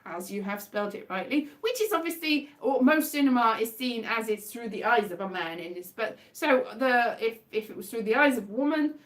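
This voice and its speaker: A woman's voice: on the high side, expressive, fairly quick, few pauses. Rambling woman on a livestream. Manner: rambling, self-mocking, wry. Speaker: livestream host. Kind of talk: casual livestream chat.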